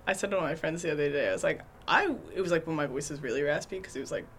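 A young woman co-hosting a student podcast, chatting casually in a slightly raspy voice. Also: low voice, very fast, fairly bright tone. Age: young adult. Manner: chatty, frequent "mm-hmm" backchannels. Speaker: co-host.

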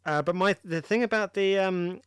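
A man's voice: high voice, normal speed, smooth, no echo, clean studio sound. A man hosting a casual podcast chat, rambling with lots of fillers. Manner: rambling, many fillers and likes. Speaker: podcast host.

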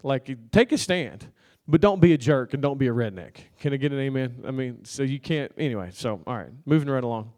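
A man's voice: medium pitch, animated, brisk, darkish tone. A man preaching a sermon, telling a story in a loose, conversational way and calling out to the congregation for an amen. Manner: conversational storytelling with laughs and crowd call-outs. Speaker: pastor.

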